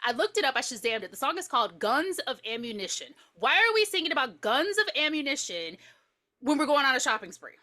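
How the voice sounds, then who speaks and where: A woman on a casual podcast reacts to a film with animated, excitable energy and keeps cutting in. Her voice is fairly high and swings widely, with a bright, sharp tone. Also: fairly quick. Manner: animated, excitable, interrupts often. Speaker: podcast co-host. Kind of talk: casual movie review chat. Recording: audio podcast.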